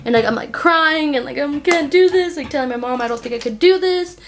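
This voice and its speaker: A woman's voice: high voice, quick pace, a little hiss or hum. A young woman with a slightly raised voice chatting to her viewers as she does her makeup. She rambles and leans on "like", and acts out what people said to her as she retells the story. It sounds like an easy, personal get-ready-with-me vlog. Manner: chatty, heavy use of "like", animated retelling. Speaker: vlogger.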